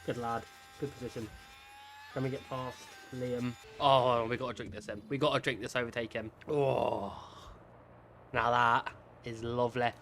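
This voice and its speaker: Excitable man cheering on a race game. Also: medium pitch, moderate pace, faint music behind. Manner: chatty, cheers drivers on. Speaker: gaming creator. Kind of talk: excitable gameplay commentary.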